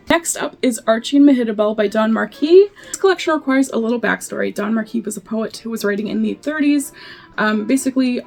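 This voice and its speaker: A woman with a fairly high voice and a gravelly, creaky fry reads poetry aloud and mixes in loose, cheeky asides. Her reading swells with fervor and then drops back into easy chat, and faint music plays under her voice. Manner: playful, irreverent, reads poems aloud with rising fervor. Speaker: poetry reader and host. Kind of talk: casual poetry reading with commentary.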